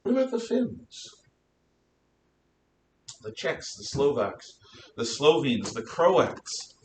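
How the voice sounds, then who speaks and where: Animated man lecturing in a roomy hall. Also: slow pace. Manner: animated, emphatic, rhetorical questions. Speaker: history lecturer. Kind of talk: classroom lecture. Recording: roomy, distant mic with faint rumble.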